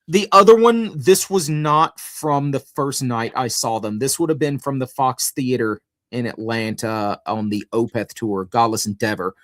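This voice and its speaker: A man's voice: mid-range voice, fairly bright tone, no echo, clean studio sound. A man co-hosting a podcast, telling stories and reading out lists at an easy pace in casual chat. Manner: laid-back storyteller, reads lists slowly. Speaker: podcast co-host.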